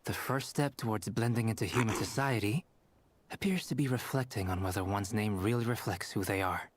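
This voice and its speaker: A man's voice: fairly low pitch, brisk, natural voice. A composed, thoughtful young scholar from a video game, voiced by a man. He speaks with cool precision, as if observing everything around him. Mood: calm. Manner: calm, analytical. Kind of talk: game voice acting.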